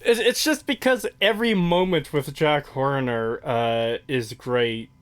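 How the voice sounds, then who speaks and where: A man's voice: medium pitch, a little slow, smooth. A man co-hosting a podcast in casual chat, blunt and offhand, swearing freely. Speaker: podcast co-host.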